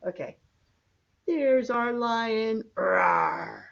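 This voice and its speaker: A woman's voice: on the high side, animated, takes it slowly, dull audio. An older woman, a grandmother, reading a picture book to small grandchildren in a coaxing, sing-song way. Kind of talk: children's storybook reading.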